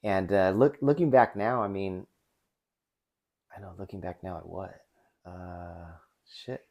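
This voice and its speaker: A man's voice: sits low, fairly even intonation, takes it slowly, creaky, darkish tone. A man in his forties hosting a casual, unscripted movie review, rambling with frequent restarts. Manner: rambling, with many restarts and fillers.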